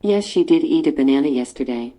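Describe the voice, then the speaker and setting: A woman answering a teacher's questions with flat, repeated example sentences. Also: low voice, brisk. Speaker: dialogue partner answering questions.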